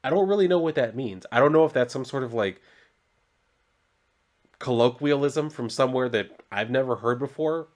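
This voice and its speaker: A man's voice: mid-range voice, animated, normal speed, darkish tone. A man reviewing a comic book in a casual, rambling recap full of "like" and swearing. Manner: rambling, profane, heavy on "like".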